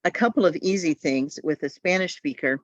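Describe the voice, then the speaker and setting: A low-pitched woman speaks briskly while running a video-call training for adult language teachers. She frequently demonstrates sounds and imitates student speech, and the call audio comes through dull and dry.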